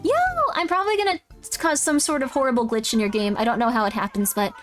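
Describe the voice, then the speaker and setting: A woman's voice: a little high, big pitch swings, quick pace, over music. A young woman streaming a game, bubbly and rambling, giggling and chatting with viewers. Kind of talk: casual let's-play chat.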